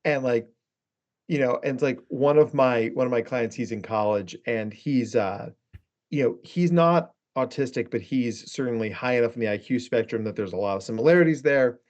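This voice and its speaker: A man's voice: medium pitch, normal speed, dull audio. A man talking as a therapist guest on a podcast, telling stories and acting out quotes in a casual chat. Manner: animated storyteller, acts out quotes.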